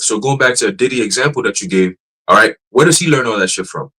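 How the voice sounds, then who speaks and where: A man teaching a church group in a loose, casual preaching style, animated and profane, laughing often and restarting his sentences. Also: fairly low pitch, fast talker, breathy edge, rough recording.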